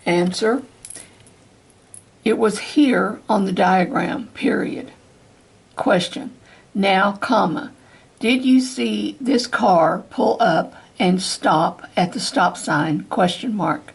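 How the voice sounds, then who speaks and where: A woman reading a question-and-answer transcript aloud as dictation practice, speaking every punctuation mark in a slow, deliberate, even way. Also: mid-range voice, creaky, husky. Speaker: dictation reader for court reporting practice.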